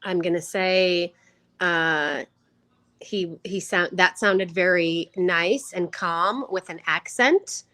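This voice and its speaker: A woman's voice: fairly low pitch, slow pace, pushed and bright, no room sound. Middle-aged woman from California, podcast co-host, earnest and argumentative, dry close sound. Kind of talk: casual chat.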